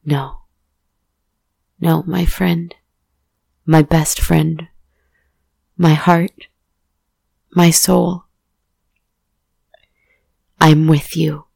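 A woman's voice: fairly low pitch, little pitch movement, very slow, vocal fry, long pauses, dark tone, dry recording, full character voice. A woman voicing a loyal, tender young village boy in a storybook tale.

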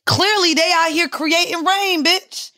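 Podcast co-host, woman, high and bright, loud opinionated rants. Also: fairly even intonation, measured pace. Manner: profane, emphatic, ranting. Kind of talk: casual chat.

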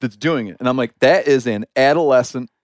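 A man hosting a podcast, spinning a story in a lively, chatty way with plenty of "like" fillers. His voice sits at an ordinary middle pitch and is recorded close on a studio mic in a dry, dead room. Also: brisk, dry recording. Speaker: podcast host. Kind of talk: casual storytelling conversation.

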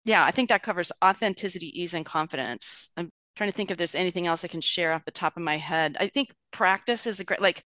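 A middle-aged woman talking as an author and guest in an interview, chatty and animated, laughing often as she talks. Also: fairly low pitch, quick pace, no echo. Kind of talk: conversational interview.

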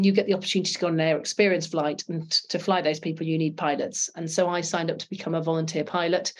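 British woman guest, earnest and animated, voices the people in her stories. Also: fairly low pitch. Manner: earnest, animated, acts out quoted dialogue. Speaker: guest, former RAF pilot and author. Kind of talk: conversational interview storytelling.

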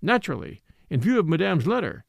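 A man's voice: sits high, very animated, fast talker, creaky, dry recording, clean studio sound, exaggerated voice. A man reading the part of a formal, severe middle-aged French magistrate. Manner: formal, polite but severe. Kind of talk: audiobook character reading.

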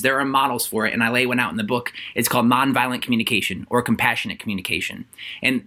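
Bright-voiced man explaining his ideas. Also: medium pitch. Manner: thoughtful, earnest, frequent restarts and fillers. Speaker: author and guest. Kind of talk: conversational interview.

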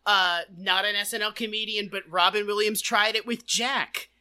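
A woman's voice: mid-range voice, fairly even intonation, moderate pace, bright, forceful tone. A woman co-hosting a casual movie-review podcast, mocking the film and swearing. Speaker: podcast co-host.

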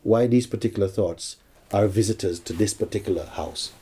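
A man with a very dark, mellow tone and a husky grain, speaking as a spiritual teacher. He talks slowly and reflectively, with many pauses, and his voice sits on the low side. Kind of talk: spiritual dialogue.

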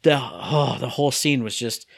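A man's voice: medium pitch, normal speed, vocal fry, dry recording, clean studio sound. A man co-hosting a casual chat, ranting about a game and mimicking characters' lines in exaggerated voices. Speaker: podcast co-host reviewing a game.

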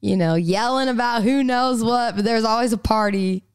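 Bubbly young woman with a smooth voice. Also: fairly high pitch, normal speed, dry recording. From Texas. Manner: bubbly, chatty, laughs often, rambling restarts. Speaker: singer-songwriter guest. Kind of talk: casual radio interview chat.

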